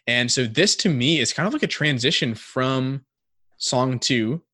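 A man talks through his thoughts on a podcast in a reflective, searching way, pausing on fillers as he works out each idea. His voice sits in an ordinary middle register. It is recorded close and dry, with no room sound. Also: mid-range voice, animated, bright, forceful tone, breathy edge, no echo. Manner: reflective, thinks aloud with many "like" fillers. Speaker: podcast co-host. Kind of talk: casual faith discussion.

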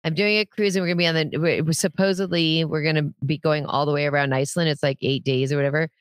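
A woman's voice: low-pitched, steady tone, fast talker. A middle-aged woman in casual podcast chat, eager and chatty. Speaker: podcast co-host.

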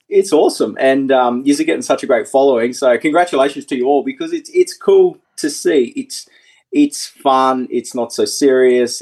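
A husky, slightly breathy man in his forties joins a podcast over a video call. He talks in an easygoing, chatty way, restarting his sentences and laughing often as he recalls his racing days. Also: mid-range voice, a little mellow. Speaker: guest, former motorcycle racer. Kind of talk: casual podcast chat.

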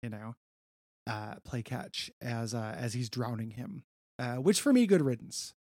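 A man's voice: medium pitch, animated, unhurried, darkish tone, no room sound. Chatty man recapping comics, dry sound. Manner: chatty, stammering repeats, casual swearing. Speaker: podcast co-host. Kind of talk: casual comic book recap chat.

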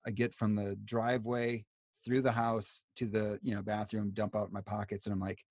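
A man's voice: lowish voice, flat delivery, moderate pace, a little mellow, no room sound, studio quality. Rambling, reflective man hosting a podcast. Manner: rambling, reflective, self-deprecating. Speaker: podcast host. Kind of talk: casual conversation.

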